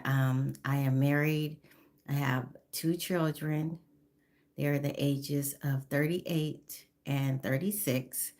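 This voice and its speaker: Slow-talking woman in her fifties. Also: low voice, a little mellow. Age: 50s. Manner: chatty, greets viewers by name, apologetic. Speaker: livestreamer. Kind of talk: casual live-stream chat, greeting viewers. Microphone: phone.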